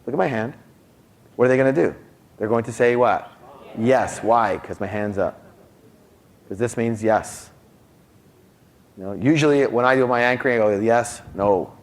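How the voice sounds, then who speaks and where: A middle-aged man teaching a live seminar, animated and constantly quizzing his audience. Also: medium pitch, moderate pace, long pauses. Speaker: seminar speaker.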